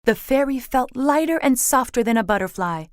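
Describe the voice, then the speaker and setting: A woman reading a children's storybook aloud, slow and expressive. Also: on the high side, dry recording, studio quality.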